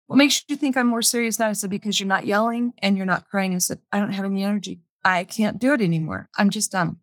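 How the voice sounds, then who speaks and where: A woman's voice: medium pitch, quick pace, hardly any pauses, no echo, studio quality. A woman guest on a podcast, candidly telling her own story in plain words and repeating phrases for emphasis. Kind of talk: personal storytelling interview.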